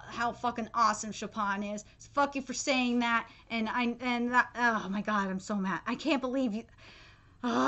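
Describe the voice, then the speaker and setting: A woman with a high, bright voice that jumps all over the place, ranting live about an anime. She sounds exasperated and swears freely, restarting her sentences and filling gaps with ums and uhs. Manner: exasperated, profane, emphatic, frequent fillers and restarts. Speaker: anime reaction streamer. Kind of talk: live reaction rant.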